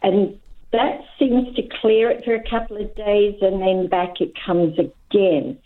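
A Scottish woman calling in to a radio garden show, chatty and quick to laugh. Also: mid-range voice, fairly even intonation. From Scotland. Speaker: caller. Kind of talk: phone-in question. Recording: tinny phone line.

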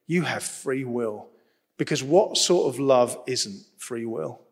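A man preaching a sermon in a lively, humorous, conversational way. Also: mid-range voice, slow pace, gravelly, husky. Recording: long reverb of a large hall.

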